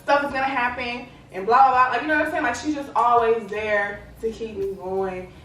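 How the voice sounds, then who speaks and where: Young woman vlogger, casual and chatty, slightly high voice, echoey room with faint background hum. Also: fairly even intonation, brisk, fairly bright tone. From Lubbock, Texas. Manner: chatty, fills with "like" and "you know what I'm saying". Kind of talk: casual talk to camera. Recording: echoey room, distant mic, faint ambience.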